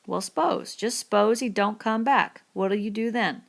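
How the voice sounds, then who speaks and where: A woman reading the part of a bitter, lonely middle-aged male stable hand in a rough rural dialect, in an audiobook. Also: medium pitch, unhurried, pitched above the performer's own voice. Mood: needling.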